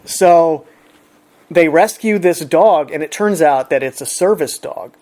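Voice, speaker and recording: A man's voice: a little high, a little slow. Man casually telling a story. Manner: relaxed, chatty retelling with quoted dialogue. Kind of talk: casual anecdote.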